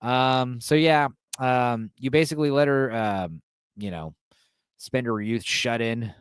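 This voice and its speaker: Casual male podcaster, rambly and profane, dry close sound, average pitch. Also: unhurried, smooth, dry recording. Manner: rambling, full of uh and you know; loose, mildly profane. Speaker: podcast host. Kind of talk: casual film recap.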